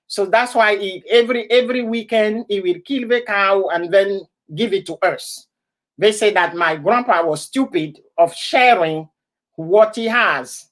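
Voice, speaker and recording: A woman's voice: mid-range voice, measured pace. A woman from Ivory Coast hosting a casual live stream, often laughing and greeting viewers by name. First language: an Ivorian language.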